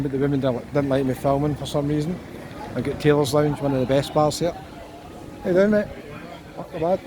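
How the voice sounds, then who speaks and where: A man with a Scottish accent chatting casually as he walks down a resort street, pointing out bars and shops to his camera. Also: mid-range voice. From Scotland. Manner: chatty, relaxed tour guide, pointing out places as he walks. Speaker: walking tour vlogger. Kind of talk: casual walking commentary. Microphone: handheld camera while walking. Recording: street noise behind the voice. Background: outdoor traffic and street ambience.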